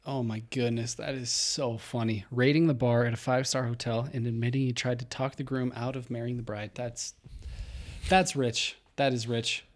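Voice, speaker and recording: A young man in casual podcast chat. He reads a listener story in an animated way and laughs often. His pitch sits in the middle for a man. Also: normal speed. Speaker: podcast co-host.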